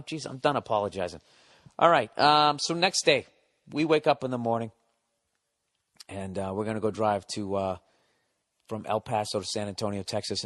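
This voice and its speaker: A man's voice: mid-range voice, no room sound, studio quality. Profane rambling male podcast host. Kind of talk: casual comedic storytelling monologue. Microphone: studio podcast mic.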